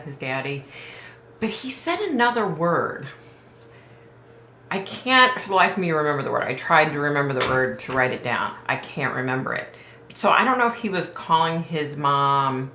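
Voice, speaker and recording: A woman's voice: sits low, bright, forceful tone, reverberant, a little hiss or hum. A woman vlogger telling viewers about a psychic dream, hesitant and emotional, with frequent sighs and ums. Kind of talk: casual retelling to viewers.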